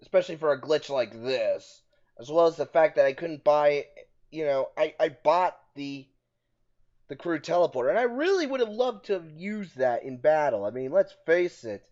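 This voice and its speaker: A man giving casual, jokey commentary while he plays a game, prone to loud bursts of frustration. His voice sits on the high side and jumps around a lot. The sound is muffled, with soft music in the background. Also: moderate pace. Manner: excitable, jokey, outbursts of frustration. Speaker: let's play host.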